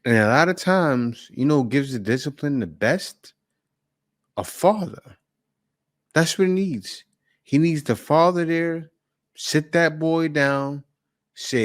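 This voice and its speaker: A man's voice: fairly high pitch, animated, unhurried. A man hosting a reaction video, giving blunt, preachy commentary. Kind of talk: casual commentary.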